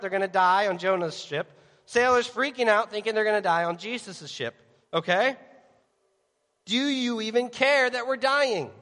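High-voiced preacher in a reverberant hall. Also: male voice. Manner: animated, acts out voices of worried people and Jesus; asks the audience direct questions. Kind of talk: sermon. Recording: long reverb of a large hall.

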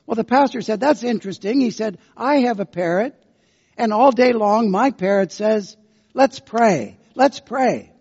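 A man preaching a sermon as pastor, telling folksy, unhurried stories. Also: sits high, darkish tone, breathy edge. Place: church sanctuary. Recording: dull lo-fi sound with long church reverb.

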